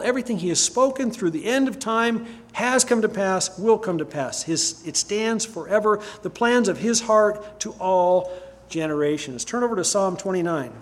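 A man with a high-pitched voice preaches a sermon. He reads Bible passages aloud and puts questions to his listeners, stopping now and then to correct a slip. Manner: reads scripture aloud, asks the listeners questions, often stops to correct himself.

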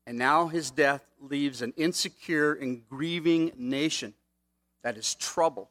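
A man's voice: a little high, measured pace, a bit bright. A man preaching a sermon in a conversational way, often checking in with "okay?" asides. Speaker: pastor.

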